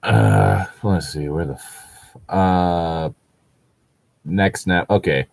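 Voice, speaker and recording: A man's voice: deep voice, slow, gravelly, no room sound. A man reading a fan story aloud in a casual comedic read-along, laughing often and swearing through rambling asides.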